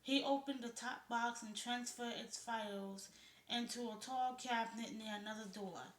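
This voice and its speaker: Lady reading a novel out loud, a bit high voice, roomy echo. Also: moderate pace. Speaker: audiobook narrator. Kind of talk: scripted narration.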